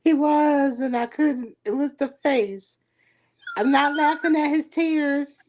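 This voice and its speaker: A woman's voice: high-pitched, noisy background. A woman co-hosting a casual chat, apologetic and prone to giggling. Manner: apologetic, giggly, slow-spoken. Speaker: podcast co-host.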